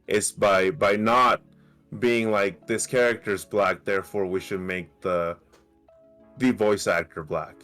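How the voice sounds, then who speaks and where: A man co-hosting a casual podcast debate, talking in an animated, emphatic way and swearing freely. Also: sits low. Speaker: podcast co-host.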